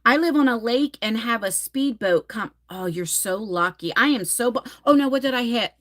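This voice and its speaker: Woman, forties, live-stream host, lively storyteller, slightly higher voice, casual cursing. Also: moderate pace. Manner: animated, dramatic storytelling, swears casually. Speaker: livestream host. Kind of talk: casual live-stream chat reading comments.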